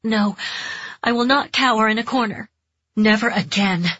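A woman's voice: a little high, moderate pace, slightly rough, no echo, voice pushed up. A woman voicing a frightened but defiant young noblewoman in a storybook reading. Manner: tense, defiant, then calm and soft. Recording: dull, dry close recording.

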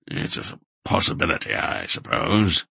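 Guy doing a crafty old wizard, low, raspy, thinks before he talks. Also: big pitch swings, sharp tone, no echo, heavily acted. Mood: thoughtful. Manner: dry, measured, thoughtful. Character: old male sorcerer, shrewd and gruff.

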